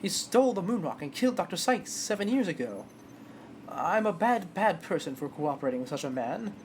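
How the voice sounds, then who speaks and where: A woman voicing a loud, over-the-top male detective with an exaggerated, jovial manner. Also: fairly low pitch, very animated, brisk, slight background noise. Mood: pleading. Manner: boisterous, exaggerated.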